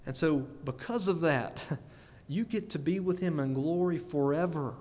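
A man's voice: fairly high pitch, moderate pace, a little mellow, long reverb tail. A man preaching a sermon in an earnest way, often repeating words and putting questions to his listeners.

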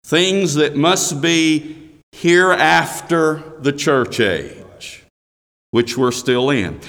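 A man preaching a sermon. He reads scripture aloud in a raised voice, then explains it slowly. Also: mid-range voice, fairly bright tone, in a large hall.

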